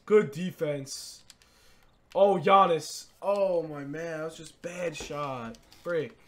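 Speaking slowly, a male gaming creator narrates his gameplay live with lots of excitement. His delivery jumps from quiet mutters to loud yells, and he returns to the same catchphrases again and again.

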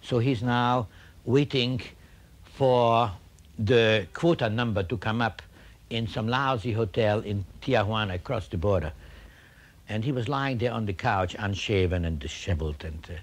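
Older man recalling with wry pauses. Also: lowish voice. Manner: halting, full of uh and restarts; wry storyteller. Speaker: film director. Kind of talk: reminiscing interview anecdote.

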